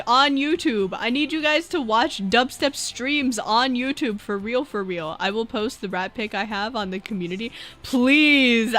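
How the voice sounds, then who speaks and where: A woman streaming as a VTuber, chatting casually and reading viewer messages, rambling and breaking into loud laughs. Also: on the high side.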